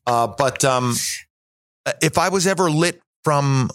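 A man's voice: a little high, slow pace, a bit bright, no echo, studio quality. A man in his forties, a podcast guest, chatting casually and rambling with lots of fillers and restarts while poking fun at himself. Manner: rambling, self-mocking, many fillers and restarts. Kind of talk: casual chat.

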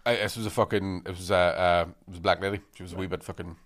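A man's voice: deep voice, fast talker. A young man telling a rambling travel story on a podcast, swearing and laughing often. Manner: swearing, laughing, animated anecdotes. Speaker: podcast host. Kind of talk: casual chat, storytelling.

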